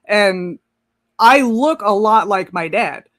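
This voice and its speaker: Young guy, high-pitched, blunt, cusses a lot, dry close sound. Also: lively intonation, slow, a bit bright, no room sound. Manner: blunt, heavy swearing, candid. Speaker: co-host on a live stream. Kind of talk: casual chat.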